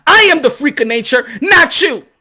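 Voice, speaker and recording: Guy doing a loud bragging old boxing champ, high bright voice, yelling his titles at you. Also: expressive, moderate pace, heavily acted. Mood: indignant boasting. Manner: loud, boastful, shouting challenges. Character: boastful aging male boxing champion, indignant.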